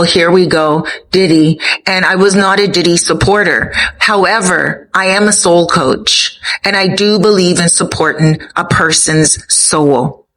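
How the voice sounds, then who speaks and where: A woman's voice: lowish voice, fairly bright tone, slight background noise, rough recording. A Canadian woman with a Canadian accent, giving an earnest, opinionated commentary monologue straight to her viewers. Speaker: commentary vlogger.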